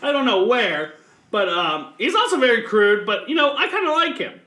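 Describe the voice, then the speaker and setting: A man's voice: very high voice, big pitch swings, moderate pace, pushed and bright, reverberant, low-quality recording. Crude joking man co-hosting a podcast. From US Midwest. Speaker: podcast co-host. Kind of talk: crude casual chat.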